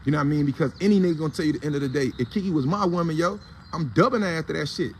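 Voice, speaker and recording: Fast-talking man ranting in AAVE. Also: fairly high pitch, slight background noise. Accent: African American Vernacular English. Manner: blunt, heated, profane and preachy. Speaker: host of a morning commentary show. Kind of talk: casual commentary rant.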